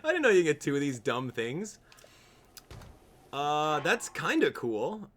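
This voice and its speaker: A man's voice: on the high side, sing-song, a little slow, a bit bright, a little hiss or hum. A young man chatting casually while streaming a game live, joking with viewers and laughing often. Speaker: gaming streamer. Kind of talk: live gameplay stream chat.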